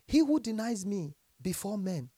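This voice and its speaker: Male pastor, animated sermon delivery, husky voice, very expressive pitch, often laughing. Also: normal speed, no echo. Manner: animated, laughing often, swinging from quiet to shouting. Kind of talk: lively sermon with scripture reading.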